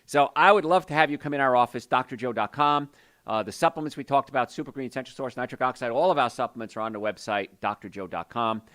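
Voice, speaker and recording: A man hosting a call-in health show as a doctor, talking in an energetic, folksy, salesy way. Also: mid-range voice, fast. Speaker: radio show host and doctor. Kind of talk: call-in health radio talk.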